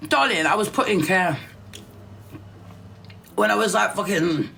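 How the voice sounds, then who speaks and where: A woman's voice: mid-range voice, expressive, measured pace, gravelly, a bit bright, a little hiss or hum. A middle-aged woman ranting on a livestream, brash and profane, calling everyone darling. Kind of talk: casual rant on a livestream.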